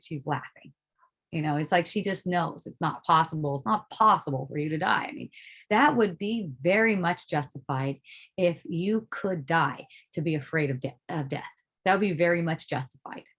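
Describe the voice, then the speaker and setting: Middle-aged woman, spiritual teacher; loose, profane, laughing delivery. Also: on the low side. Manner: animated, swearing, laughs often. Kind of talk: casual spiritual talk.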